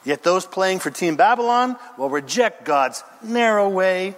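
Animated high-voiced male preacher in a reverberant hall. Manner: emphatic, dramatic preaching with long pauses and lists. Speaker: pastor. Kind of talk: sermon.

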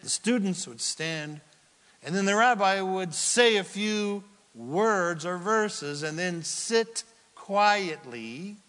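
A man preaching a sermon with a dramatic, teacherly manner, asking the listeners questions and answering them himself, swinging between loud cries and near-whispers. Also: sits high. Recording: long reverb of a large hall.

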